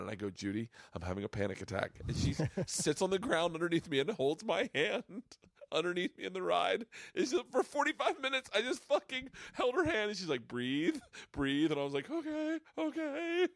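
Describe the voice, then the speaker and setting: A man hosting a podcast, telling a rambling, excitable story in casual chat. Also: high voice, brisk, gravelly, dry recording, clean studio sound. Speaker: podcast host. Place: home studio.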